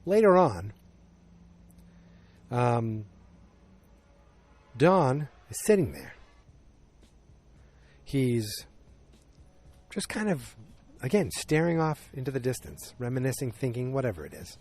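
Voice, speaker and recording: A man talking through a casual solo podcast recap at a mid-range pitch. He rambles, corrects himself often and fills pauses with ums and uhs. Every so often he breaks in with a loud, excited exclamation. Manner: rambling, self-correcting storyteller with frequent fillers; animated, exclamatory asides. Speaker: podcast host.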